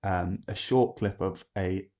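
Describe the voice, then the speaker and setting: A man's voice: deep voice, slow, darkish tone. A man producing a podcast, hesitantly explaining game rules with many ums in casual chat.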